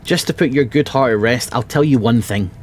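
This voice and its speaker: A man reading a kindly, troubled male doctor in his own Edinburgh accent, speaking in a warm, pleading way. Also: medium pitch, fairly quick, lightly acted. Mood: earnest. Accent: Scottish, Edinburgh.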